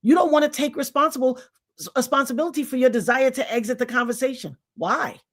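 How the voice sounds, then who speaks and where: A middle-aged woman speaks in a slightly high voice and lectures her viewers. She delivers a blunt, emphatic monologue in a preachy, direct manner. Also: quick pace, fairly bright tone. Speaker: vlogger. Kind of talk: casual commentary monologue.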